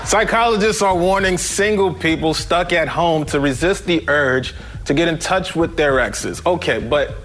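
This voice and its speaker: A man's voice: fairly high pitch, moderate pace, a bit bright. A man delivering a topical late-night joke with a wry punchline.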